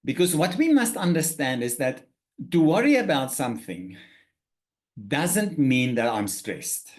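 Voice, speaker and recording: A man's voice: on the high side, big pitch swings, unhurried, darkish tone. A man presenting a spoken workshop lecture to participants, earnest and emphatic, often restarting and repeating words as he works through his points.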